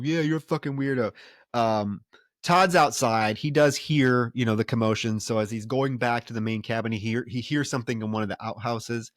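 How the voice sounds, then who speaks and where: A man co-hosting a podcast, retelling film scenes in a loose, animated way and swearing freely. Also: medium pitch, dry recording, clean studio sound. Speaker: podcast co-host. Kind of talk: casual film recap chat.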